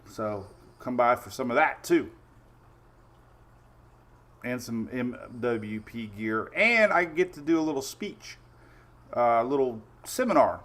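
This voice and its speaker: A man's voice: mid-range voice, lively intonation, takes it slowly, pauses often, a bit bright. Chatty man hosting a weather stream. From Florida Gulf Coast. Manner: chatty, greets viewers by name, tells stories with quoted asides. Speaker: weather show host. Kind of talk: casual livestream chat.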